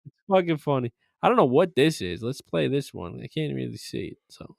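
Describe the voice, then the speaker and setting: A man's voice: mid-range voice, very animated, fairly quick, vocal fry, no room sound, studio quality. A man co-hosting a podcast, chatting casually, swearing often and laughing a lot. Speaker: podcast co-host. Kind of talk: casual chat.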